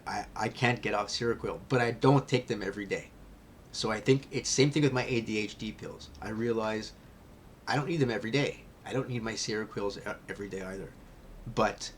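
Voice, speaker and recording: Rambling man confiding, faint rumble. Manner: rambling, restarts, drops to hushed near-whispers. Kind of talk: candid personal vlog monologue.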